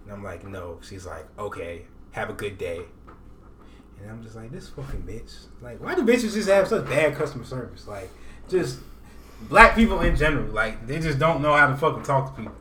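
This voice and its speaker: A man's voice: medium pitch, brisk. Young man ranting through a story. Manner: animated, profane ranting storyteller. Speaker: podcast co-host. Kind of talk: casual podcast storytelling. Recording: roomy, distant mic with clear background noise.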